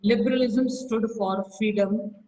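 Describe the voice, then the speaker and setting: Slow-dictating woman teacher on a video call. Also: fairly high pitch, steady tone, mellow, rough recording. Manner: dictates slowly, repeating phrases and punctuation; scolds students sharply by name. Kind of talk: online class dictation.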